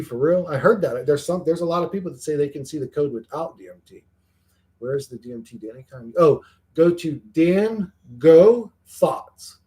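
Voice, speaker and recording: A man hosting a casual livestream, reading chat comments and rambling, swearing freely and repeating words as he starts sentences. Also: fairly high pitch.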